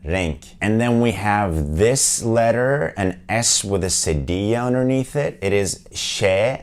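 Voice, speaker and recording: Male language teacher, Turkish native speaker, very low voice, patient step-by-step explainer. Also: measured pace, clean tone. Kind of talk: explanatory lesson.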